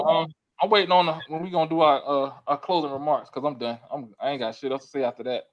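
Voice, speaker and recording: A man's voice: a little high, steady tone, fast talker, low-quality recording. A man on a podcast reacting in casual chat, emphatic and exasperated, swearing freely. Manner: emphatic, profane, exasperated commentary. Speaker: podcast co-host.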